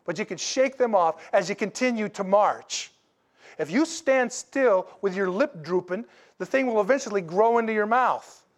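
A man preaching a sermon in a folksy, animated way, with asides to the congregation. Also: high voice, normal speed. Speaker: pastor.

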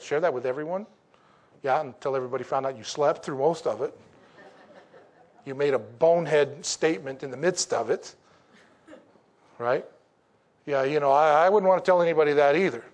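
A man preaching a sermon in a conversational, folksy way, with rhetorical questions and slow, emphatic declarations. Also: on the high side, a little mellow. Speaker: pastor.

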